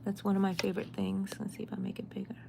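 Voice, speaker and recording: A woman's voice: medium pitch, completely flat delivery, racing, vocal fry, noisy background. Chatty woman hosting a live stream. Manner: chatty, reads viewer comments aloud. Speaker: crochet channel host. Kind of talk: casual live-stream chat.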